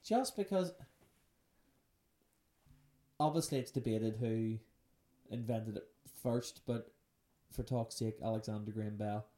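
A woman's voice: rumbling low, unhurried, long pauses, warm tone. A woman hosting a casual, unscripted podcast chat, joking and telling playful stories. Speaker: podcast host.

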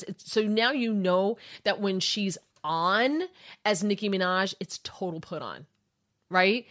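A woman's voice: medium pitch, fairly bright tone. A woman hosting a talk radio show, giving sarcastic, opinionated political commentary.

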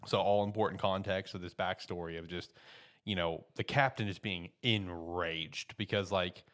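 A man with a very low voice talks casually through an anime episode. He rambles with plenty of fillers and gets animated as he retells the big scenes. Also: normal speed. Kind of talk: casual anime recap chat.

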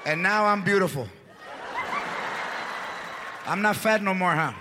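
A man's voice: sits high, unhurried, a crowd in the background, background noise. A man doing a scolding sarcastic older wife.

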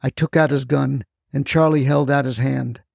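Gravelly man narrating a crime story. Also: medium pitch, steady tone, normal speed, no room sound, clean studio sound.

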